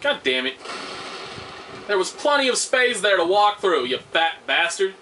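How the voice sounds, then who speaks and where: High, lively, bright-voiced man swearing at a game. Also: a little slow, pauses often, slight background noise. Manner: swears loudly at the game, sarcastic asides. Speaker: gameplay commentator. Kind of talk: let's play commentary.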